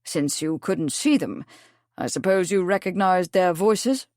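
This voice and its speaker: Give me a woman playing a courteous gentleman barrister, mild and exact, in an audiobook. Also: fairly low pitch, animated, a little slow, no echo, clean studio sound. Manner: courteous, mild, precise questioning. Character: polite, probing male barrister in court.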